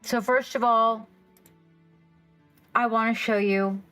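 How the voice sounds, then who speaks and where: A woman hosting a casual livestream, rambling excitedly and reacting to her chat. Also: fairly high pitch, slow, clean tone, poor audio. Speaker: livestream host. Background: faint background music.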